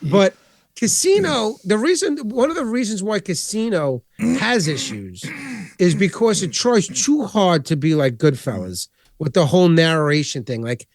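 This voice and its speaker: A man hosting a podcast, chatting casually in a rambling, animated way and swearing constantly. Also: high voice, measured pace, no echo. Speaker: podcast host. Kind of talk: casual chat.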